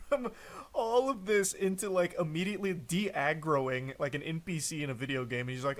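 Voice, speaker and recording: A male streamer reacts live with incredulous, sarcastic commentary, swearing freely as he tears into what he reads. His voice sits a little on the high side. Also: expressive, moderate pace. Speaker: streamer reacting to text messages.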